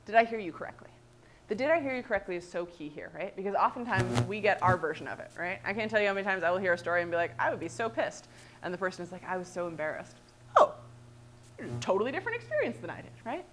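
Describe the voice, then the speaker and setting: A woman trainer presenting a workshop, lively and animated, often checking in with "right?". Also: medium pitch, quick pace, a little hiss or hum.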